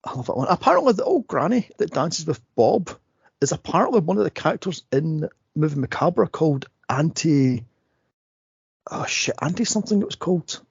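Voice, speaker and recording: Male podcast host, gravelly and husky, lively rambling delivery, lo-fi dull sound. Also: a little high, moderate pace, dry recording. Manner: rambling, laughs often, acts out scenes. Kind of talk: casual movie podcast chat.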